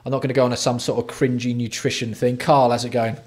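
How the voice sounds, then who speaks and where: A man's voice: medium pitch, little pitch movement, fast, darkish tone. A man from England hosting a casual livestream, greeting viewers by name with blunt, sweary banter. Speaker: livestream host.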